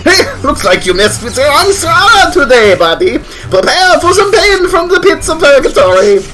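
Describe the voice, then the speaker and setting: A man's voice: very high voice, sing-song, moderate pace, music in the background, voice pushed up. A man voicing a brash, thuggish male henchman who talks in a mocking and boastful way. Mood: taunting.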